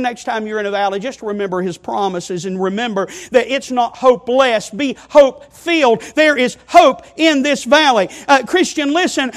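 High-voiced male preacher. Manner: emphatic, addresses listeners as friend and child of God; asks listeners rhetorical questions. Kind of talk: sermon.

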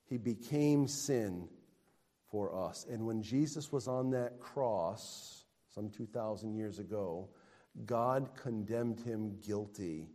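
Male preacher, slow deliberate sermon, dark mellow voice, loud then hushed, long hall reverb. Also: medium pitch. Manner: swings from loud proclamation to hushed intensity.

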